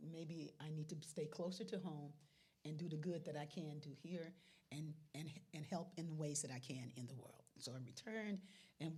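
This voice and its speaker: A woman's voice: on the low side, a little mellow, husky. A woman hosting a live devotional show, chatting casually in a loose, folksy way with lots of restarts. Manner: loose, rambling, folksy talk with frequent restarts. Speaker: livestream devotional host. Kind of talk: casual chat.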